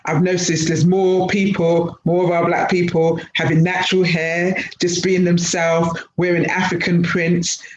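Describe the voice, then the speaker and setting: A woman's voice: on the low side, little pitch movement, a little slow, hardly any pauses. A middle-aged woman, a guest speaker on a webinar, talking earnestly and telling anecdotes over a video call. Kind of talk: webinar talk. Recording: roomy, dull video-call audio, faint noise.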